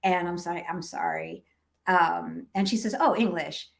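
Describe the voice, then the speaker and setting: A middle-aged woman hosts a relaxed live stream and talks to her viewers in an easy, chatty way. She laughs often, greets people by name and tells stories at a conversational pace. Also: on the low side, normal speed, creaky. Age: 50s. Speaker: vlogger reading live chat. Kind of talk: casual live-stream chat.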